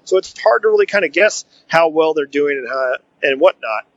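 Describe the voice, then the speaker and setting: A man's voice: on the high side, animated, moderate pace, dry recording. A man co-hosting a podcast, talking casually about the tech industry with a rambling, joking style full of filler phrases. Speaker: podcast co-host. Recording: dull lo-fi audio.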